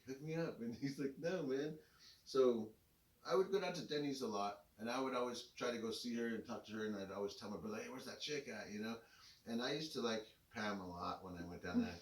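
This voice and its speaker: A middle-aged man telling a rambling personal story in a relaxed, casual way. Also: on the low side, fast, distant mic. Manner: laid-back, rambling with many fillers. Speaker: co-host telling his story. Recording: echoey room, voice a bit off-mic.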